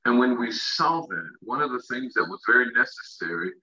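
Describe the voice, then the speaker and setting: Bright-voiced preacher man, muffled audio. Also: medium pitch, very animated, gravelly. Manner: reads scripture slowly, then preaches with rising emphasis; calls out to the listeners with questions. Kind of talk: sermon. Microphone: online broadcast of a church conference session.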